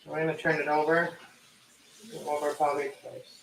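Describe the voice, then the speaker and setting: Male home-cooking vlogger, rambling and self-correcting, slightly higher voice, recorded far from the mic with a faint noise floor. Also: little pitch movement, normal speed, fairly bright tone. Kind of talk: casual live-stream chat while cooking. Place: home kitchen. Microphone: camera set away from the stove. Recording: echoey kitchen, distant camera mic, faint noise.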